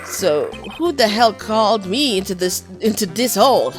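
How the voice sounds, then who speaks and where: A woman's voice: medium pitch, expressive, normal speed, music in the background, natural voice. A woman voicing a brash, thuggish man with a Brooklyn accent. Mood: menacing. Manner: pushy and threatening.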